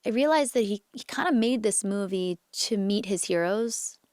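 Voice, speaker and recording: A woman in her thirties, an actress being interviewed, chatting in an animated way with lots of filler words. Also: medium pitch, normal speed, clean tone, no room sound, studio quality. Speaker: actress guest. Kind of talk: casual interview chat.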